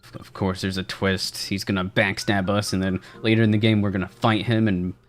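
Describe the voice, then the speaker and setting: A man's voice: on the low side, flat delivery, brisk. A man streaming a game demo review, making jokey, meme-filled asides. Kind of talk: live gameplay commentary.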